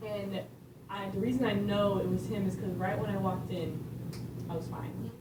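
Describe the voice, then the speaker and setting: At a conference, a woman shares her faith testimony, earnest and storytelling, laughing between lines. Her mid-range voice holds a steady tone at a moderate pace, recorded in an echoey conference room with a distant mic and background noise.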